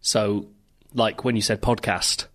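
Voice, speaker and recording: A man's voice: lowish voice, little pitch movement, slow, a bit bright. A man with a British accent co-hosting a podcast, given to wry, teasing banter. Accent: British English. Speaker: podcast co-host. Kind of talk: casual chat.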